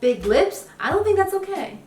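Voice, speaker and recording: A woman's voice: extremely high pitch, big pitch swings, normal speed, a little mellow, distant mic. A woman co-hosting a casual chat, talking hesitantly with lots of fillers. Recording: echoey room, off-mic, faint music.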